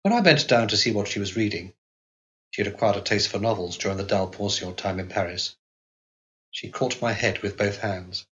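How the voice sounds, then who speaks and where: A man narrating an audiobook in a measured, even reading voice. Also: lowish voice, lo-fi sound. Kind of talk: scripted narration.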